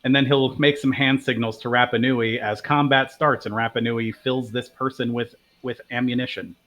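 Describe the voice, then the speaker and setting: A man's voice: medium pitch, steady tone, normal speed, fairly bright tone. A man playing a tabletop game, describing what his character does. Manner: narrating his character's actions. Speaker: player.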